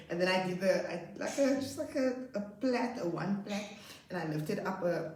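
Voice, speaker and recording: Animated woman telling classroom stories. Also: normal speed. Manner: animated, laughs often, acts out her pupils in high voices. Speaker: grade 2 teacher. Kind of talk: casual storytelling vlog. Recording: roomy echo, slightly far from mic.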